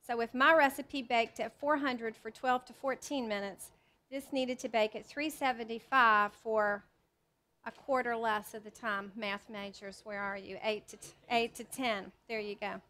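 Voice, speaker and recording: Woman, high voice, chatty cookbook author demoing recipes live, self-deprecating. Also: fairly even intonation, normal speed, bright, forceful tone, a little hiss or hum. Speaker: cookbook author doing a cooking demo. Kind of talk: live cooking demonstration to an audience. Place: teaching kitchen with a live audience.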